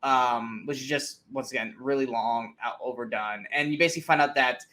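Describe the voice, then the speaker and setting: A man's voice: medium pitch, brisk, pushed and bright. A man co-hosting a casual bad-movie review show, rambling with many restarts and fillers. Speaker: podcast co-host.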